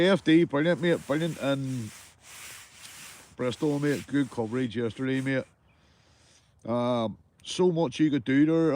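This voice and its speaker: A man's voice: mid-range voice, darkish tone. Northern Irish man chatting to his stream from a fishing tent, friendly and rambling, calls everyone mate. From Northern Ireland. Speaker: livestreaming angler. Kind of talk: casual live-stream chat with viewers. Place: small fishing tent outdoors by water. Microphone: phone or camera on a live stream.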